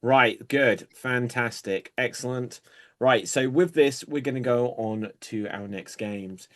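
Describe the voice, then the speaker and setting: A man hosting an improv show online, setting up games and calling out style changes. He talks at a slow, unhurried pace, and his voice sits in a middle pitch. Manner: slow, easygoing, calls games.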